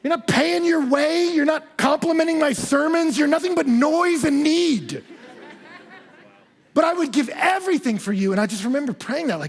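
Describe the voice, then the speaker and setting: A man preaching a sermon, animated and candid, telling personal stories with self-deprecating humor. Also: very high-pitched, brisk, gravelly. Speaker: pastor. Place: church service.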